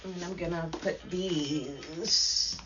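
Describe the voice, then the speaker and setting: A woman's voice: fairly low pitch, very slow, sharp tone. Chatty woman on a stream. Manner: chatty, laughs often, talks to chat. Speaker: livestream host. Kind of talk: casual live-stream chat. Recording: dull lo-fi stream audio.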